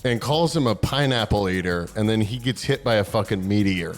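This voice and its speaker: Brief: low-pitched male podcast host, profane, rambling storyteller, faint music under. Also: a little fast. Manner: profane, storytelling, animated retelling. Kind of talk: casual comedic chat.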